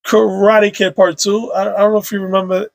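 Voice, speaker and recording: Gravelly man telling a loose story. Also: high-pitched, little pitch movement, fairly quick, no echo. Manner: loose, emotional storytelling with slang and fillers. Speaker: podcast guest. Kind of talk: casual conversation. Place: indoor recording room.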